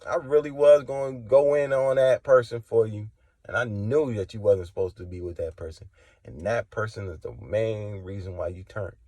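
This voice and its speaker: A man giving impassioned spoken testimony, preachy and confrontational, swinging from low and quiet to loud and high. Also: fairly even intonation, normal speed, dry recording. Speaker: religious testimony vlogger.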